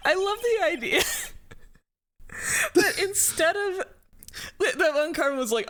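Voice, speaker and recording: A man's voice: very high-pitched, sing-song, slow, pauses often, a bit bright. Laughing, joking let's play guy. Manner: laughing, swearing, rambling jokes. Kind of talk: casual gaming commentary.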